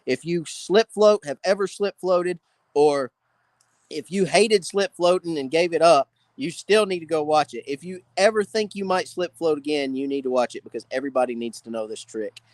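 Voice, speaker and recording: A man's voice: on the high side, moderate pace, no echo. A man hosting a casual live fishing Q&A, greeting viewers by name. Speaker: fishing channel host. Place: outdoors by a campfire.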